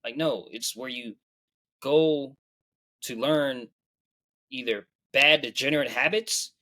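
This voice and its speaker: A man's voice: mid-range voice, slow, pushed and bright. A young man hosting a podcast, telling personal stories in a rambling, slangy way and often repeating his phrases. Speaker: podcast host. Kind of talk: casual storytelling monologue.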